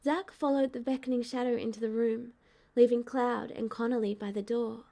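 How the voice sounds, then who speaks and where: A woman narrates a story aloud in a calm, steady read. Her voice is mellow and warm, set a little high for a woman. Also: normal speed, gravelly. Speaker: fan audiobook reader. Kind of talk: audiobook narration.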